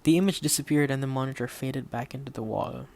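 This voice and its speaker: With a gravelly, medium-pitched voice in the middle range, a male narrator reads an audiobook steadily and with measure. He voices the characters quietly instead of dramatizing them.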